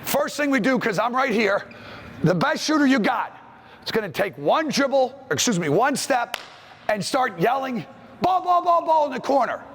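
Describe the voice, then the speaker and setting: A man coaching basketball players through plays in a school gym, calling out brisk commands. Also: extremely high pitch, expressive, slightly rough. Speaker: basketball coach leading a clinic. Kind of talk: on-court coaching drill instruction.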